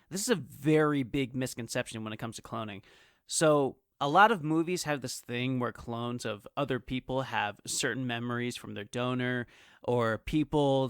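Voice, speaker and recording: A man's voice: medium pitch, bright, forceful tone, dry recording, studio quality. A man hosting a comedic in-character podcast, rambling and often breaking into laughter. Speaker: podcast host.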